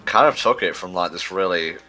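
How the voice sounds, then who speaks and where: Male stream co-host, lowish bright voice, chatty, reads chat aloud. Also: a little fast, faint music behind. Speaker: livestream co-host reading chat. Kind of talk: casual gaming livestream chat.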